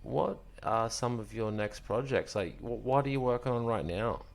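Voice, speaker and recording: A man's voice: medium pitch, normal speed, gravelly. A young man hosting a podcast, chatting casually with a guest. He swears freely and keeps calling his guest bro. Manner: profane, animated storyteller, says bro a lot. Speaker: podcast host. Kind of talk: casual chat.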